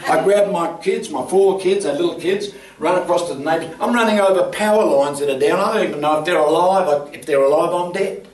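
Older aussie pastor telling a story from the pulpit, higher voice, roomy church sound, mic kinda far off. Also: male voice, brisk, few pauses. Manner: animated, laughing through a comic story. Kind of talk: storytelling sermon.

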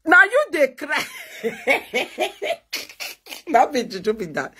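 A woman's voice: high-pitched, wildly swooping pitch, normal speed, sharp tone. A woman with a Nigerian accent in a heated live-video rant, taunting and mocking a rival. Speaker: social media personality. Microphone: phone on live video.

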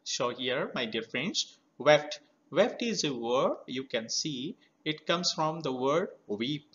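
A man teaching a children's poem, explaining words slowly and spelling them out letter by letter. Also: fairly high pitch, animated, fairly bright tone. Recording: slightly dull lo-fi recording.

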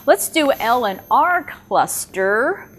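An ESL tutor trainer presents at a workshop with a live demo, in a room with a whiteboard. She speaks deliberately and enunciates sounds carefully as she demonstrates. Her voice is fairly high with big pitch swings and a breathy edge.

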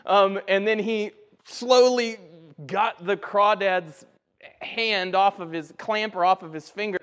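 A man preaching a conversational sermon, telling folksy stories with animated energy. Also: sits high, slow pace, clean tone. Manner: folksy, animated storytelling with rising excitement. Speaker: pastor. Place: church sanctuary. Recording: dull sound with long hall reverb.

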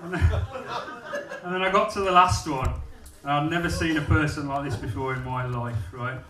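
Male stand-up comic, crude and self-mocking, fairly high voice, live club recording from far off. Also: moderate pace. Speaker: stand-up comedian. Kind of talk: stand-up comedy routine. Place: comedy club stage, indoors. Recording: echoey club from far off, audience noise.

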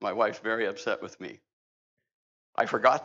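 A man's voice: lowish voice, moderate pace, background noise. A middle-aged male pastor preaching a sermon in a church, conversational and humorous. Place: church sanctuary. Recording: slightly dull, lo-fi church recording.

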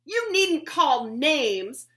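Lady putting on a little storybook girl, high and eager, calls out and begs, gets cross fast. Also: big pitch swings, pushed and bright, full character voice. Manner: high, cries out and pleads. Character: eager little girl, excitable and easily hurt.

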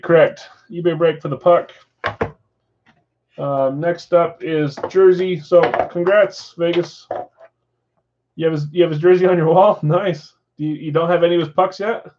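Guy running a card break stream at home, bit high voice, kinda dull lo-fi sound, chatty with chat. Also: darkish tone. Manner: chatty, reads viewer comments aloud. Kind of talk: casual live-stream chat. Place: house with a floor above.

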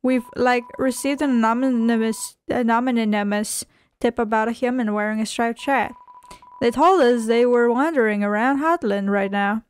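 A woman's voice: on the high side, moderate pace, a little hiss or hum, close to an everyday voice. A woman voicing a laid-back male royal guard who talks like a slangy dude and says "like" often. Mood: chill. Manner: slangy, drawling, says "like" a lot.

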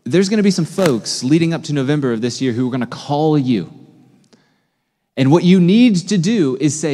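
A man preaching a sermon as a pastor, in a conversational, animated way, often asking his listeners questions. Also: a little high, a little fast, big-room sound. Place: church sanctuary.

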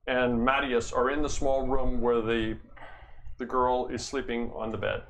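A man running a tabletop game as dungeon master, describing scenes in steady narration. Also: medium pitch, measured pace, gravelly, slight background noise.

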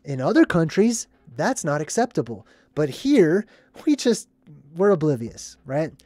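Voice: medium pitch, big pitch swings, unhurried, a little mellow, dry recording, clean studio sound. A host who breaks down a film in a casual, rambling way, acting out scenes with put-on voices and ending many sentences with a questioning "right?". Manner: conspiratorial, keeps asking "right?". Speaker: movie commentary host. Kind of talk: casual movie breakdown commentary.

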